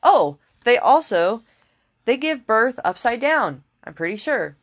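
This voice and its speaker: Relaxed young woman sharing random facts. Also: fairly high pitch, measured pace. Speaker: podcast co-host. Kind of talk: casual comedic chat.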